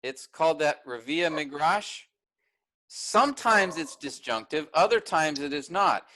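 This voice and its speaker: A man's voice: a little high, animated, a little slow, bright, forceful tone, poor audio. A man teaching a workshop, explaining step by step and often checking in with "all right?".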